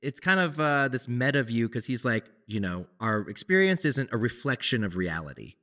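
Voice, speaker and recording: A man co-hosting a podcast, talking in a casual, animated way with many restarts. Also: medium pitch, normal speed. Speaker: podcast co-host, musician. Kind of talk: casual conversation.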